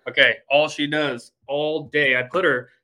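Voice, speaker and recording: A man's voice: a little high, fairly even intonation, measured pace, bright, forceful tone, rough recording. A man who owns a heating and cooling company, chatting bluntly and energetically from his office, swearing freely. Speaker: HVAC company owner. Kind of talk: casual business podcast chat.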